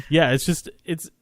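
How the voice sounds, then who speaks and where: A man's voice: high voice, pushed and bright, no room sound, clean studio sound. A man co-hosting a podcast in casual movie chat, rambling and profane. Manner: rambling, profane, many restarts. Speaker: podcast co-host.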